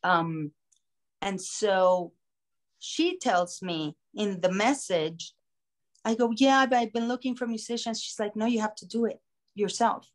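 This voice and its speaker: A woman podcast host telling a story in a casual, animated way, acting out the voices of the people in it. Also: mid-range voice, measured pace. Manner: animated, acts out quoted voices. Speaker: singer.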